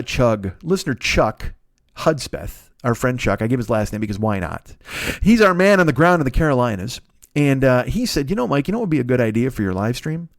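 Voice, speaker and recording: A man in his forties hosts a comedy podcast on his own, talking in a loose, rambling way. He swears freely and keeps stopping to correct himself. His voice sits at an average pitch and is recorded dry and close, with no room sound. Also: no room sound. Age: 40s. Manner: rambling, profane, self-correcting. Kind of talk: casual rambling monologue.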